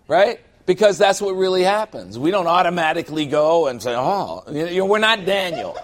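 A man's voice: sits high, lively intonation, moderate pace, few pauses. A middle-aged man preaching a sermon as a pastor, conversational and humorous, acting out little scenes from everyday life.

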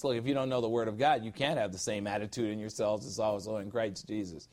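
A man teaching a sermon-style Bible lesson, reading scripture slowly and adding emphatic, jokey asides. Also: medium pitch, darkish tone.

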